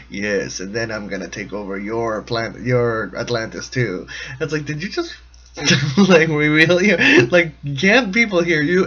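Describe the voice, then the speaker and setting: A man's voice: fairly high pitch, a bit bright, dull audio. A man giving casual, jokey commentary on a cartoon episode, rambling and often laughing mid-sentence. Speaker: show commentator.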